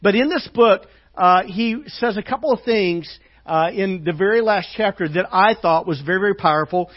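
A male pastor preaching a sermon in a fairly high voice, halting and full of fillers. He often sinks to a hushed, slow delivery on tender lines. The church recording sounds dull and lo-fi.

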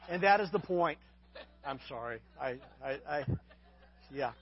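A man's voice: a little high, expressive, unhurried, muffled recording. A man preaching a sermon as pastor, often restarting and repeating words, with folksy asides to his congregation.

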